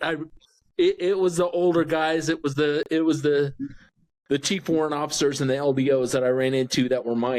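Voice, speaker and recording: A man in his sixties spins stories from his service days in a fairly high, lifted voice. He chuckles through the telling and swears plainly. The feel is loose and conversational. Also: poor audio. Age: 60s. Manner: chuckling anecdotal storyteller, blunt and profane. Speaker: guest, retired Marine gunnery sergeant. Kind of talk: casual storytelling on a podcast.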